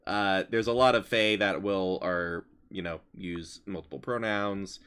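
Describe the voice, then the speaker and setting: A man's voice: sits low, steady tone, measured pace, a bit bright, clean tone. A man narrating as game master in casual chat, with many fillers.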